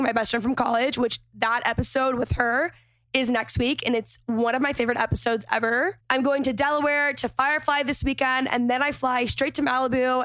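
A woman's voice: a little high, a bit bright, no echo. Chatty woman podcast host, tired voice. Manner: chatty, enthusiastic, gushing. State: slightly lost voice, tired. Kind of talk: casual podcast intro and ad read.

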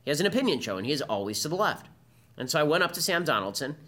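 A man's voice: on the high side, big pitch swings, a bit bright. A man hosting a podcast, delivering combative political commentary as a monologue. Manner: combative, fast-talking monologue. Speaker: podcast host.

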